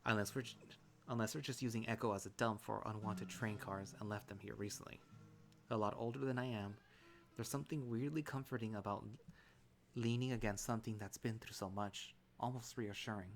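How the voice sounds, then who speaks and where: A man narrating a visual novel in first person, calm and relaxed, with small restarts. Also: lowish voice, brisk, soft background music.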